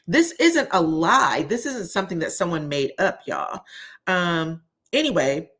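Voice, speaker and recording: A woman's voice: lowish voice, big pitch swings, a little slow, fairly bright tone. Chatty woman recapping reality TV. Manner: chatty and opinionated, addresses viewers as "y'all". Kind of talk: casual recap vlog.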